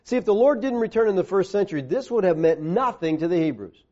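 A man preaching a sermon, emphatic, dropping lower when he reads scripture aloud. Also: expressive, quick pace, darkish tone. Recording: dull lo-fi recording.

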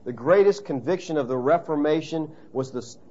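A man preaching to his congregation in a slightly raised voice. He is emphatic and direct, and breaks into loud acted-out quotes. The recording is dull and muffled. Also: on the high side, brisk. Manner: acts out quoted voices with sudden loud bursts. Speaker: pastor. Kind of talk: sermon.

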